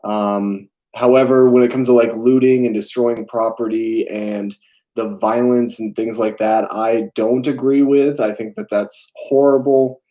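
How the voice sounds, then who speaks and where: A young man hosts a relaxed live stream chat, his voice mellow and unforced. He speaks haltingly, filling pauses with ums while he reads and answers viewers' messages. His pitch sits in an ordinary middle range. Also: rough recording. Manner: hesitant, many fillers, reads and answers chat. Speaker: film channel host.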